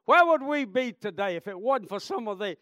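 A man's voice: high-pitched, big pitch swings, fairly quick, a bit bright, no room sound, studio quality. A man preaching a sermon with fervor, repeating phrases and calling out to the congregation. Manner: fervent, repetitive, calls out "Amen?" and "friend".

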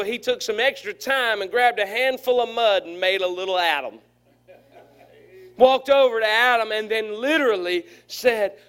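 A fairly high-voiced man preaches to his congregation. His delivery is folksy and playful, and he slips into quick voices for the figures in his stories. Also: fairly bright tone. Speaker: pastor. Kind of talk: sermon.

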